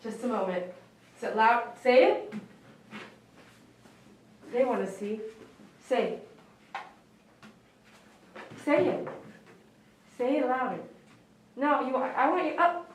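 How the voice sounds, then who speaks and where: A higher-voiced woman groomer talks slowly and gently to a dog. She sounds set back from the mic in a very echoey room. A faint hum of noise sits under her voice. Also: animated. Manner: soft, emotional, coaxing talk to a dog. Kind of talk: live-streamed grooming session. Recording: roomy sound from a distance over faint noise.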